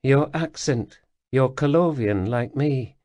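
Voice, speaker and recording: Brief: calm murmuring ghost of a woman soldier, read by a man, unhurried. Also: mid-range voice, no room sound, natural voice. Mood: calm, wry. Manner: quiet, murmuring, resigned. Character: female soldier's ghost, calm, wry, gentle.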